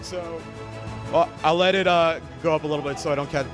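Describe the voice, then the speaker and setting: A man's voice: fairly high pitch, fairly even intonation, brisk, music in the background. A man hosting a joke awards show at a party, stammering a little as he jokes and reads out nominee quotes. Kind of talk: live awards presentation at a party. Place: after-party at a conference.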